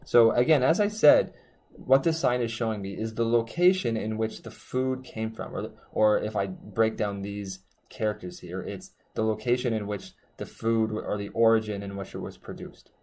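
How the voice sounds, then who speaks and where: A man teaching a language lesson in a chatty, loose way, correcting himself and slowing down on words while he writes. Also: on the low side, mellow. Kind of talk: casual explainer lesson. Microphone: desk mic while drawing on a tablet.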